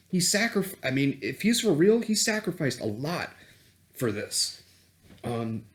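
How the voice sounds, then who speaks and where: A man on a vlog, ranting heatedly and sarcastically, with plenty of swearing. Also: a little high. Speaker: self-help vlogger and coach. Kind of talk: unscripted profane political rant.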